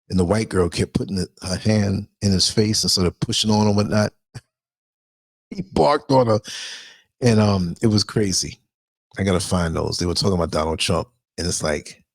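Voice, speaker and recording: A man with a New York accent, a podcast host telling a story in a casual monologue, animated and acting out the voices he quotes. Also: sits low, breathy edge, no room sound.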